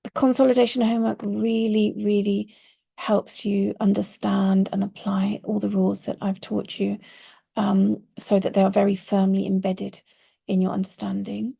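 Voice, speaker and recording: Gravelly, husky woman teaching Arabic. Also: medium pitch, level tone, normal speed, warm tone. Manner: patient, explanatory, stresses key words. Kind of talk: online course lesson.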